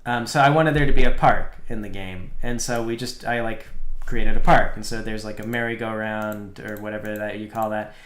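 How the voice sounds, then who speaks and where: A man's voice: fairly low pitch, moderate pace. Rambling man in a roomy echo. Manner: rambling, filler-heavy, animated storytelling. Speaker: solo indie game developer streaming. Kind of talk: casual live-stream chat.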